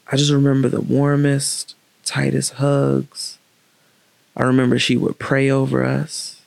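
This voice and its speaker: Man, deeply gravelly voice, dry close sound, reflective storytelling, casual and candid, halting pauses. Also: a little mellow, no room sound. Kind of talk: personal storytelling monologue.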